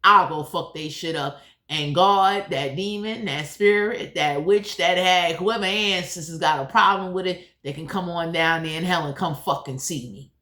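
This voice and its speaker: A woman's voice: lowish voice, normal speed, few pauses, fairly bright tone. Blunt, cursing woman in an echoey room. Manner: blunt, profane, heated. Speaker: tarot reader. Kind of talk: casual spiritual reading monologue.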